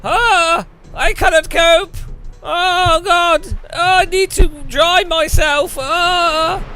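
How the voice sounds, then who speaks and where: A man's voice: very high-pitched, steady tone, drawn-out words, pushed and bright, soft background music, pitched above the performer's own voice, heavily acted. A man squealing as a frantic rain-hating european.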